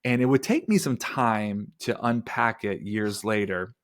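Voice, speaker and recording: A man in his thirties, a podcast guest, telling a personal story in an earnest, animated way with casual fillers. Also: on the low side, measured pace.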